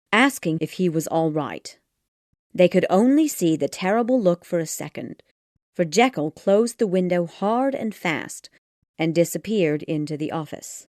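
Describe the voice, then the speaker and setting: A woman narrating an audiobook of a classic gothic tale in a steady storytelling manner. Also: on the low side, no room sound, clean studio sound.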